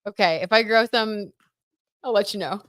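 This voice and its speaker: A woman's voice: medium pitch, normal speed, a bit bright, no echo, studio quality. A young woman hosting a casual live tarot reading, chatty and gushing, with lots of "like" and "oh my gosh". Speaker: tarot reader and live stream host.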